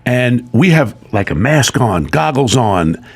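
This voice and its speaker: A middle-aged man, a guest, telling a personal story in casual chat, emotional and animated. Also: medium pitch, slow pace, slightly rough.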